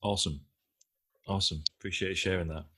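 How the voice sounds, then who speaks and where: A man's voice: deep voice, fairly even intonation, fast talker, bright, forceful tone, breathy edge. A man hosting a podcast who chats casually with his guest, affirming him, repeating phrases and swearing now and then. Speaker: podcast host. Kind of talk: casual interview chat.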